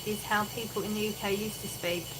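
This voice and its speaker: A woman's voice: mid-range voice, fairly even intonation, fairly quick, noisy background. A woman with an English accent hosting a casual livestream from her kitchen, reading chat comments aloud and laughing often. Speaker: livestream host. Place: home kitchen.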